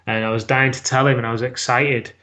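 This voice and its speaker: A man's voice: medium pitch, level tone, quick pace, pushed and bright. A British man telling a personal story as a podcast guest, frank and swearing freely. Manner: frank, swears freely, acts out his own past words.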